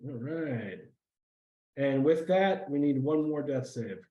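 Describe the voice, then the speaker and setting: A man narrates a tabletop game as its game master, speaking slowly and haltingly. He keeps breaking into laughter between phrases. The recording has a noticeably roomy echo. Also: medium pitch, lively intonation, highs cut off.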